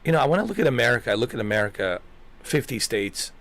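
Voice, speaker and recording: A man's voice: medium pitch, sing-song, fast, fairly bright tone. A man hosting a gaming channel, chatting casually in a rambling way, swearing and repeating himself.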